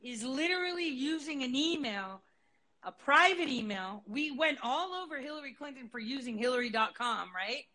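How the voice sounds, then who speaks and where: Indignant profane woman, bright and high. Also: animated, normal speed, rough recording. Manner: indignant, profane, laughs easily. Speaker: podcast co-host. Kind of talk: casual political chat.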